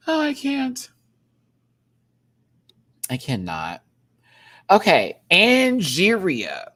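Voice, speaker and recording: A man reviewing a drag competition show in a casual, campy rant, laughing often and swinging between loud outbursts and quiet asides. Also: wildly swooping pitch, very slow, long pauses. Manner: big jumps in pitch and loudness. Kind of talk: casual commentary.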